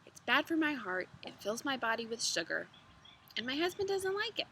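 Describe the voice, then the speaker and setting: A woman's voice: high voice, very animated, moderate pace, sharp tone, a little hiss or hum, voice pushed up, heavily acted. A woman reading aloud as a flustered female patient who pleads for help. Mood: pleading.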